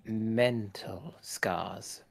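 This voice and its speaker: A man's voice: low-pitched, fairly even intonation, normal speed, soft background music. A man playing a stiff, formal adventurer. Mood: clinical. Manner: stiff, formal, overly dramatic phrasing. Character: formal, clinical adventurer giving detached advice. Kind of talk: tabletop role-play in character.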